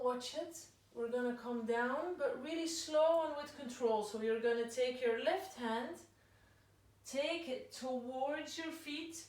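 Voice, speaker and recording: A woman yoga instructor guiding a class through slow breath cues. Her voice sits slightly high and she takes her time with each instruction. She is heard from across a big, very reverberant room. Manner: slow, calm cueing of breath and poses. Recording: very echoey room, voice from far off.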